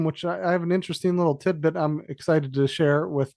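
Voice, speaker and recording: A man's voice: a little high, fairly quick, gravelly, darkish tone, no echo, studio quality. A man co-hosting a sports podcast, talking through picks in a rambling, casual way with fillers and self-corrections. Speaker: podcast co-host. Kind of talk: casual sports betting chat.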